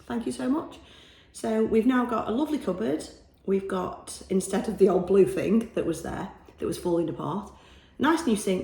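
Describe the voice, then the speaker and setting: A woman's voice: fairly low pitch, creaky, darkish tone. Chatty woman. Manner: chatty, rambling, laughs easily. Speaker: shop owner vlogger. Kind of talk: casual video diary. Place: small shop being renovated, indoors. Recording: echoey bare room.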